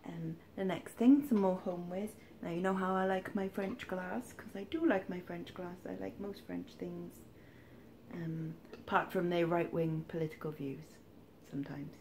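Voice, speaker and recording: A woman's voice: fairly low pitch, steady tone, moderate pace, darkish tone, a little hiss or hum. A woman, chatting casually and rambling through a charity shop haul with wry asides. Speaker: charity shop reseller vlogger. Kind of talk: casual haul vlog chat.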